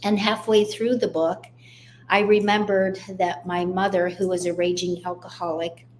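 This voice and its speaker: A woman guest on a radio interview, telling her life story in a candid, steady way. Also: lowish voice, moderate pace, slight background noise. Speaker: guest author.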